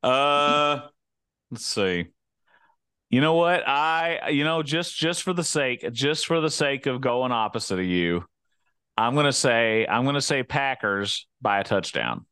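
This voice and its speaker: A man's voice: mid-range voice, animated, a little slow, sharp tone, clear, resonant tone, no room sound. A man co-hosting a casual sports podcast, easygoing, laughing often and repeating himself. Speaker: podcast co-host.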